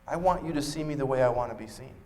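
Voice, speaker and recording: A man's voice: mid-range voice, fast, a little mellow. A man giving a motivational keynote on stage, telling stories and acting out quoted dialogue with asides to the audience. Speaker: motivational speaker. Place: large conference hall. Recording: reverberant hall.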